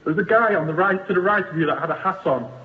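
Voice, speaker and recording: A man calls in, quick and casual, his voice high. He sounds tinny over the phone, echoing in a large hall. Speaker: caller.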